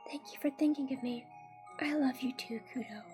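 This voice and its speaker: A woman voicing a weak, breathy ghost girl. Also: extremely high pitch, very slow, faint music behind, pitched above the performer's own voice, full character voice. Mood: tender. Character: timid, frightened young girl ghost. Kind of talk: voicing game characters.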